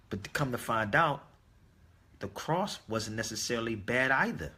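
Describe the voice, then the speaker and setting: A man's voice: mid-range voice, animated, normal speed, sharp tone, husky. A man telling a story in a casual monologue, emphatic and speaking straight to his listeners. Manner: emphatic, addresses listeners directly. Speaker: online talk host.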